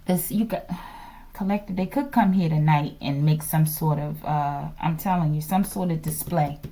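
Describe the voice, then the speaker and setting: A woman's voice: low voice, normal speed, warm tone, slight background noise. A woman reading tarot in a casual vlog, talking emphatically and often checking in with her listeners. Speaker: tarot reader.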